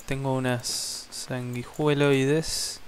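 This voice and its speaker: A man's voice: medium pitch, level tone, slow pace, a little hiss or hum. A man chatting loosely and cursing while playing a co-op game. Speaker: gamer. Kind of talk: casual co-op gameplay chat.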